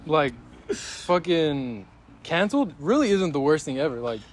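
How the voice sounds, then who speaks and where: A man's voice: a little high, very animated, moderate pace, a little hiss or hum. A man as a podcast guest in casual chat, blunt and offhand, laughing now and then.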